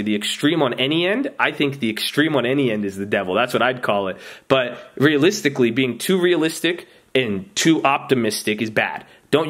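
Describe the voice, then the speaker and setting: A man's voice: medium pitch, fairly bright tone. A man hosting a trading channel, giving a casual motivational talk to his viewers. He rambles, often restarts his sentences and keeps turning to them directly.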